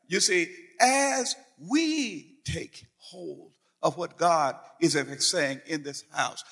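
A husky-voiced man preaching in a church, his voice carrying a long hall reverb. He talks to the congregation in a conversational way and keeps checking that they follow him. His voice sits a little high for a man. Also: a bit bright. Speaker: pastor. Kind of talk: sermon.

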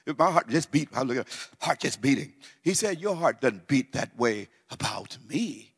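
A middle-aged male pastor preaching a sermon, swinging from loud, excited near-shouting down to low, quiet speech. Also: moderate pace, few pauses, breathy edge, in a large hall.

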